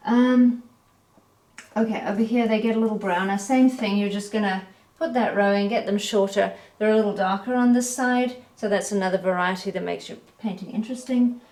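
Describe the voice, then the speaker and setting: A woman giving a relaxed, chatty painting critique as an art teacher, correcting herself as she goes. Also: medium pitch, fairly quick. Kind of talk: painting critique, talking while pointing. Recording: echoey room.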